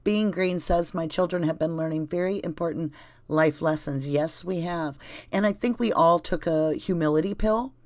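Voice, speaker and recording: Woman, Southern accent, rambling livestream chat, lowish voice, dry close sound. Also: moderate pace, darkish tone, no echo. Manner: rambling, conversational, addresses viewers directly. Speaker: channel host reading live chat.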